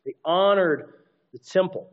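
A man's voice: high voice, measured pace, narrow, tinny audio. A man preaching an expository sermon, reading scripture aloud and adding conversational asides. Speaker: pastor.

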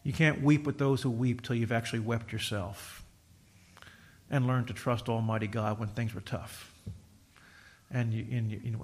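A middle-aged man preaching a sermon, emphatic, swinging from loud exhortation to quiet, with repeated restarts. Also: medium pitch, fairly even intonation, moderate pace, long pauses.

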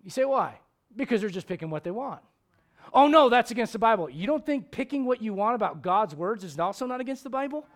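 High-voiced preacher, swinging loud and soft. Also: male voice, fast. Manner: animated preaching, swings from loud emphatic questions to low quiet asides. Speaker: pastor. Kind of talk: sermon.

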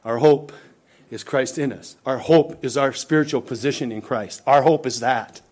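A man preaching a sermon, impassioned, swinging between loud rising lines and hushed low ones, calling questions out to the congregation. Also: normal speed. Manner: impassioned, rising and dropping to near-whispered lows.

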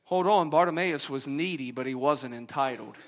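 A man preaching a sermon as pastor, his delivery swinging between loud, high exhortation and soft, low emphasis. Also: moderate pace, long reverb tail.

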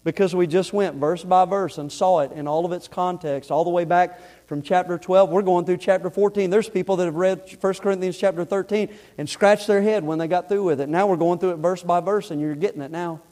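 High-voiced man preaching a folksy sermon. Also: fairly even intonation, brisk, few pauses. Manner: folksy, emphatic preaching that builds to loud exhortation. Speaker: pastor. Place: church sanctuary.

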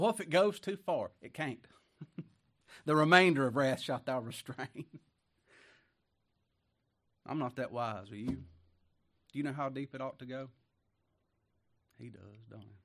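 Folksy Southern preacher with rhetorical questions. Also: male voice, medium pitch. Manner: folksy, rhetorical questions, chuckles between points; swings between hushed asides and emphatic outbursts. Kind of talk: sermon.

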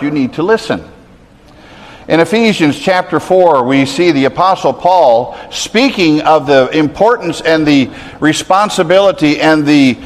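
A man's voice: a little high, in a large hall. A man preaching a sermon, earnest and conversational, building to emphatic peaks. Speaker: pastor.

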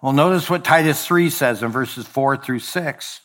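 With a slightly bright voice, a preaching pastor moves deliberately through his sermon. Important phrases get slowed down, line endings fall low, and the odd slip of the tongue is quickly corrected.

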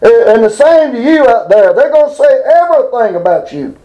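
High-voiced folksy preacher man. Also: big pitch swings, moderate pace, mellow, muffled recording. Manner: folksy, emphatic, reads scripture aloud with rising pitch. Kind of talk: informal Bible teaching.

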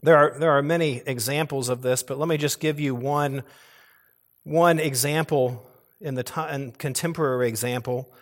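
A man's voice: medium pitch, fairly even intonation, normal speed. A male pastor preaching a sermon earnestly, pressing hard on key words and now and then restarting a phrase. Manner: occasional restarts and repeated phrases.

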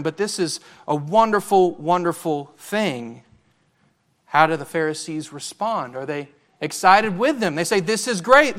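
A man's voice: high voice, a bit bright. A man preaching a sermon as pastor, earnest and emphatic, asking his listeners questions.

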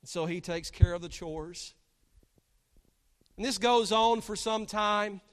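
A man's voice: high-pitched, takes it slowly, fairly bright tone. A man preaching a sermon, telling a story and then building to fervent emphasis as pastor. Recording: long hall reverb.

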